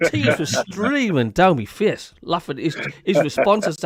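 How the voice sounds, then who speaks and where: Man, Sunderland accent, podcast host, lively swooping voice, dry close sound. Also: on the high side, normal speed, few pauses, no room sound. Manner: animated storytelling with laughter and quoted voices. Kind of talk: casual podcast chat.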